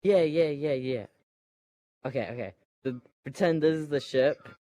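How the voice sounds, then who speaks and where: A man's voice: a little high, unhurried, dark tone, no room sound, studio quality. A man casually retelling a film scene by scene, full of fillers, acting out moments and sound effects.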